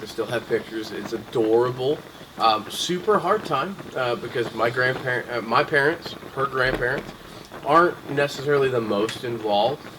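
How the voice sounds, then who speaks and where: Against background noise, a young adult podcast host chats casually in a mid-range voice. His talk rambles, full of restarts and frequent ums.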